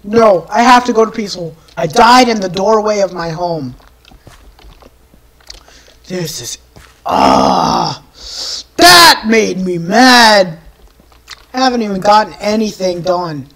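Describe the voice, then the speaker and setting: A woman giving live gameplay commentary, exasperated, often yelling and screaming at enemies, with rambling self-mocking asides. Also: mid-range voice, normal speed, long pauses. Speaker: gameplay video creator.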